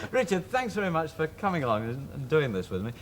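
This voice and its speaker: A man's voice: fairly high pitch, big pitch swings, fairly quick, a crowd in the background. A man with a Yorkshire accent presenting a children's TV show, chatty and explaining things step by step.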